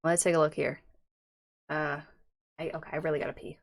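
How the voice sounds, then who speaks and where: A young woman giving excitable reaction commentary as a YouTuber, giddy and rambling, often squealing and laughing. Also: low-pitched, a little fast. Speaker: YouTuber reacting to fan videos.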